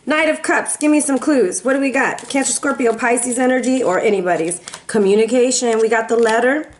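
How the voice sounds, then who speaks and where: A woman giving a casual, chatty tarot reading, playful and animated, who slips into quoted voices and bits of song. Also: a little high, brisk, a little hiss or hum. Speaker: tarot reader.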